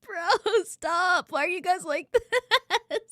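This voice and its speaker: A woman's voice: very high voice, lively intonation, slow, pushed and bright, no echo, studio quality. A young woman streaming live, chatting casually with her viewers, effusive and grateful, swearing freely. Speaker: VTuber streamer.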